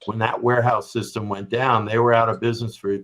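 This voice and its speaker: A man's voice: on the low side, flat delivery, brisk, fairly bright tone, rough recording. A middle-aged or older man, a business guest on a podcast, explaining his points through examples and often checking in with "right?". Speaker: guest, business strategy executive. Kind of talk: conversational explanation on a remote podcast.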